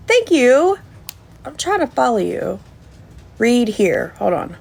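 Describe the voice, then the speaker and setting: A woman's voice: fairly high pitch, very animated, slow, vocal fry, pauses often, breathy edge. A woman chatting on a livestream, indignant, thanking viewers by name. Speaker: livestream host. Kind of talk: casual livestream chat.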